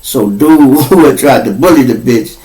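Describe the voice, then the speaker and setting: A man with a Chicago accent, hosting his own podcast, tells a jail story in an animated storytelling way, acting out other voices and breaking into laughs and shouts. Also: mid-range voice, moderate pace. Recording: roomy echo.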